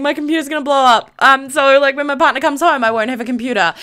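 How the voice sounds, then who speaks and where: A woman live-streaming a game, chatting casually to viewers in a flustered, excitable way and exclaiming often. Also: high voice, moderate pace. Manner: flustered, excitable, lots of "oh my gosh" and laughing.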